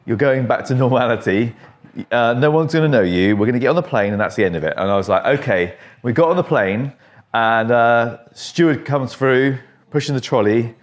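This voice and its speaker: An English man, a barber, chats away with easy jokes and little stories while he works. His voice sits at an everyday middle pitch, heard in a barbershop with an electric clipper going nearby. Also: a little fast. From England. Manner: chatty, joking storyteller. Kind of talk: casual chat while cutting hair.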